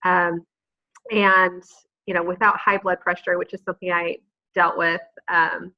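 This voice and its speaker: A woman, a pharmacist and mother, telling her personal story earnestly on a group call from home, with many pauses and fillers. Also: fairly low pitch, flat delivery. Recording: dull lo-fi call audio.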